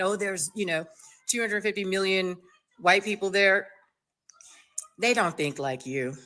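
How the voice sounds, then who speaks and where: A woman from the United States giving a blunt, sassy, slang-filled opinion monologue on her video channel, with quick mocking asides. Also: on the high side, a bit bright. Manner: mocks others with quick voiced asides. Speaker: vlogger.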